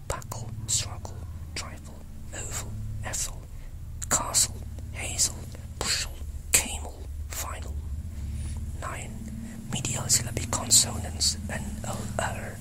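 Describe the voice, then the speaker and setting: Slow careful whispered pronunciation teacher. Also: low-quality recording. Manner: slow, careful enunciation of sounds and word lists.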